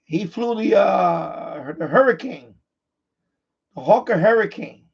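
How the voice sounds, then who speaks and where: Man, radio stream host, casual rambling chat, husky, muffled lo-fi sound. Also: high voice, animated, slow pace. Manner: repetitive, restarts sentences often. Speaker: livestream host, amateur radio operator.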